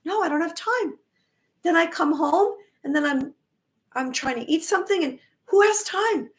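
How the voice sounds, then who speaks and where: A woman talking casually on a live stream as a spiritual teacher, warm in her encouragement and tripping over words, her voice going hoarse. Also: very high voice, animated, normal speed. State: losing her voice.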